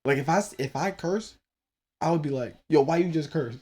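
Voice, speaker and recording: A man's voice: on the high side, fairly quick, a little mellow, husky. A man in his thirties hosting his own podcast, rambling casually about his teenage son with loose, profane talk and laughing asides. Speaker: podcast host.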